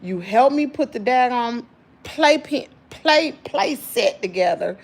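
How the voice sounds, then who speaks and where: A tired woman in her thirties with a Southern US accent, venting in casual chat to her viewers, swinging from loud exclaims to low muttering. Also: lively intonation, slow pace. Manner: folksy slangy talk, addresses viewers as y'all. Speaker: channel host.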